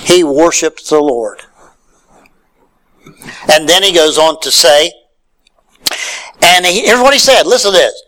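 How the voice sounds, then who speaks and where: A man's voice: on the high side, lively intonation, measured pace, long pauses, pushed and bright, rough recording. A man preaching a sermon, reading scripture aloud and then retelling it in his own words with rising emphasis and rhetorical questions.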